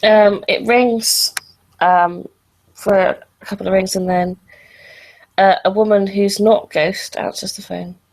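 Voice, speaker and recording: Slow, flat-voiced woman storyteller. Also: mid-range voice, low-quality recording. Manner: hesitant, many fillers. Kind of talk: narrating a tabletop role-playing game.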